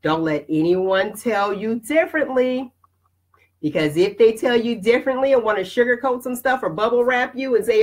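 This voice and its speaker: A woman's voice: fairly high pitch, expressive, normal speed. A woman hosting her own show, giving a blunt, emphatic motivational talk straight to her viewers. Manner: addresses viewers directly. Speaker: host.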